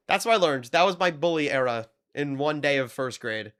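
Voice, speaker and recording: A man chatting casually with his viewers during a live game stream, telling stories with sudden excited bursts. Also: a little high, brisk, smooth. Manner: excitable storyteller, talks to chat, loud bursts. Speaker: livestreamer. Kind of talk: casual live-stream chat while gaming.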